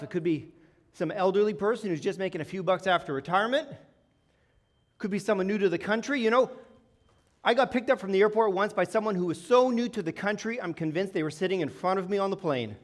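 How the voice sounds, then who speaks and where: A man with a high-pitched voice delivers a comedic keynote on a conference stage. He tells his stories with lively energy and banters freely with the crowd. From Toronto, Canada. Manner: energetic, humorous storytelling with audience banter. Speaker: keynote speaker. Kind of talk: live comedic keynote presentation. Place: conference stage before a live audience.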